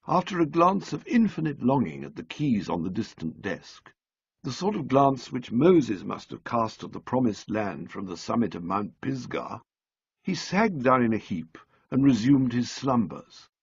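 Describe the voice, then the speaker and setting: A man narrating an audiobook in a measured, dryly comic storytelling manner, on a close studio mic. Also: medium pitch, sing-song, vocal fry, husky, dry recording, lo-fi sound.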